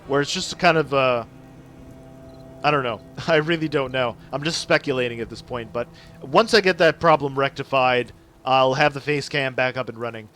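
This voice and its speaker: A young Canadian man streaming gameplay live, chatting excitedly with viewers and apologizing a lot. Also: medium pitch, moderate pace, faint music behind.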